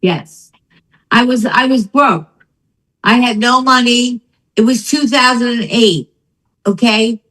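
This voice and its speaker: Older lady guest on a talk show, a bit high voice, really animated and emphatic. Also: slow pace, long pauses, poor audio. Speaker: guest, business founder. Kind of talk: interview storytelling.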